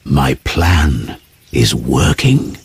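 A controlling old magician , as a man puts him on with a low, gravelly, raspy voice. He speaks slowly and sternly, his pitch moving widely. It is a storybook reading. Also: big pitch swings, full character voice. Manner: slow, commanding.

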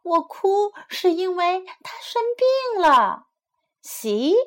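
A tearful old woman with a high, slow voice, her pleas climbing into loud, shrill cries, as a woman reads her part. She sounds plaintive and storybook-like. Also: big pitch swings, heavily acted. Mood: distressed. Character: tearful old woman who loves her thorn bush.

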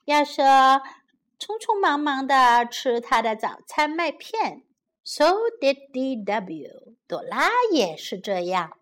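Woman teacher, children's story reading, slow and careful, lively pitch, close mic. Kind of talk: bilingual storybook narration.

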